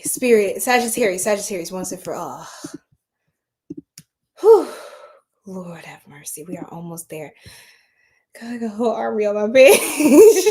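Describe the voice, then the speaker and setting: A female tarot reader livestreams late at night, tired, scattered and giggly, chatting nonstop with her viewers. Her voice is mid-range with a dark tone.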